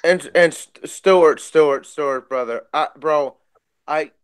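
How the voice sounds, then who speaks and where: Excitable stammering young man, smooth voice. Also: a little high, takes it slowly, no room sound. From Chicago area, USA. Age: 20s. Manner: excitable, stammering restarts, profane. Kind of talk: casual podcast chat.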